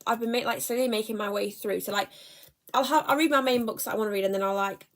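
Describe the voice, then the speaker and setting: A woman's voice: a little high, quick pace. Chatty young woman vlogging. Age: young adult. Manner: chatty, rambling, self-correcting. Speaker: book vlogger. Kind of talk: casual chat.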